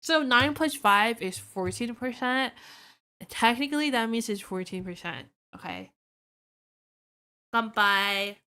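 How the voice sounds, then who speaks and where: A woman's voice: on the high side, big pitch swings, measured pace, sharp tone. A young woman streaming casually while tipsy, sleepy and rambling, swearing a lot. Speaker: vtuber streamer. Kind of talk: casual drinking stream chat.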